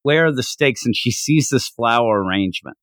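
Animated man in casual chat, lively pitch. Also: fairly quick, no room sound, studio quality. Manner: animated, acts out character lines in high put-on voices. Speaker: podcast co-host reviewing an anime.

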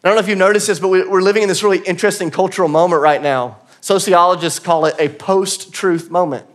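High-voiced man preaching with earnest, chatty energy. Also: fast talker. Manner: conversational, earnest, laughs at himself. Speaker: pastor. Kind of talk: sermon. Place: church auditorium.

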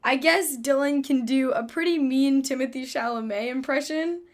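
High-voiced woman hosting casually. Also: moderate pace. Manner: chatty, introducing each bit. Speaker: host. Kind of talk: casual chat.

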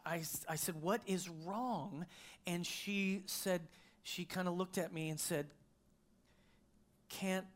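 A middle-aged male pastor preaching a sermon, telling a personal story in a conversational way with frequent restarts. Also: fairly high pitch.

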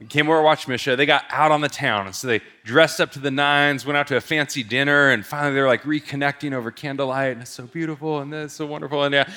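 A man's voice: on the high side, sharp tone. A male pastor telling a story in a sermon, casual and conversational, with lots of filler words.

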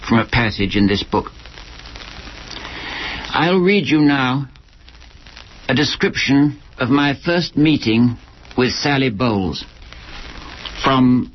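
Man reading his own book aloud, measured and dry, middle pitch, dull lo-fi sound, faint hiss. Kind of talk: literary reading. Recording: lo-fi archival recording with faint hiss.

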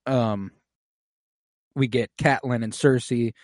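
A man's voice: medium pitch, steady tone, slow, darkish tone, no echo, clean studio sound. Laid-back young man recapping a show. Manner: laid-back, slangy, does goofy quoted voices. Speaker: podcast co-host. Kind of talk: casual chat recapping a TV episode.

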